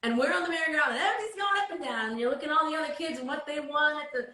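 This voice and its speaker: Bright-voiced woman talking with heartfelt earnestness. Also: high voice, rapid-fire, echoey room, low-quality recording. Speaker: guest singer. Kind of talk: emotional casual chat about faith. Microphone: video call.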